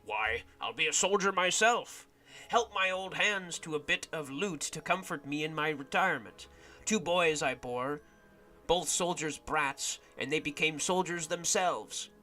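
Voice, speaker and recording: A man voicing an older female camp follower in a game, a blunt and shrewd woman, speaking in a slow, drawn-out storytelling manner. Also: a little high, expressive, bright, forceful tone, faint music behind. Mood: gruff, worldly.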